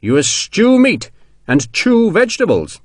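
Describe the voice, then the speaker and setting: A man voicing an eager, headstrong British general who speaks briskly and commandingly. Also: mid-range voice, animated, no echo, clean studio sound, close to an everyday voice. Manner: brisk, commanding, quick to laugh.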